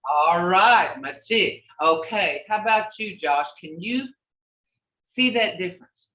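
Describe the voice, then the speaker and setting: Language teacher, slow and patient, lively pitch, roomy dull video-call sound. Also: far from the mic. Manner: patient, repeats phrases to model tone. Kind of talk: online class instruction.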